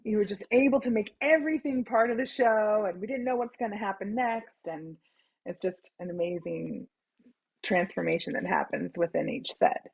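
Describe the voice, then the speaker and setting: A woman's voice: medium pitch, normal speed, creaky, slightly rough, poor audio. A woman co-hosting an interview, admiring and gushing. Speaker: co-host. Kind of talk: casual interview chat.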